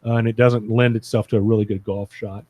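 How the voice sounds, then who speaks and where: A man's voice: lowish voice, little pitch movement, fast talker, darkish tone. A man co-hosting a sports medicine podcast, giving frank, emphatic opinions in casual panel talk.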